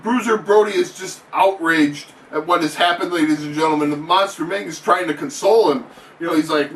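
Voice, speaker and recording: A man doing excitable, profane mock wrestling play-by-play commentary in an announcer's patter. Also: fairly high pitch, brisk, far from the mic. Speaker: channel host. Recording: echoey room, off-mic, faint noise.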